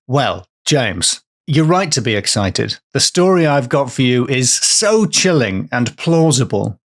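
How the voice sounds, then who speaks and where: A man's voice: mid-range voice, very animated, unhurried, few pauses. A man hosting a podcast, telling a story in casual comedic chat, playful and full of puns.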